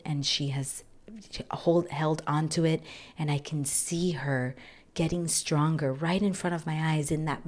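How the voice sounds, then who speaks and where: A woman hosting a personal podcast, speaking earnestly and repeating key phrases, sometimes softening almost to a whisper. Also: low-pitched. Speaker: podcast host. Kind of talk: personal reflective podcast talk.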